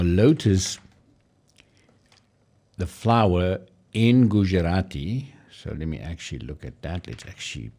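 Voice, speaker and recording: A man presenting a casual screen-share language tutorial, explaining and slowly demonstrating how foreign words are pronounced. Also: sits low, mellow. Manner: explanatory, pausing to demonstrate pronunciations.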